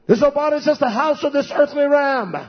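A man's voice: extremely high pitch, a little fast, highs cut off. A man preaching a sermon, firing off rhetorical questions and repeating his points for emphasis.

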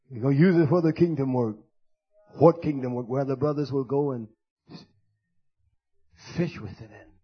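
High-voiced man, husky, preacher, shouting then muttering, dull lo-fi sound. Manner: loud, shouting denunciations that drop to low muttered asides. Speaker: pastor. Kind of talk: fiery sermon.

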